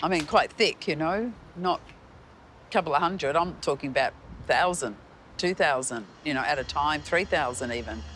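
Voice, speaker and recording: A woman psychic, describing her impressions in halting, searching speech. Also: deep voice, animated, a bit bright, slight background noise.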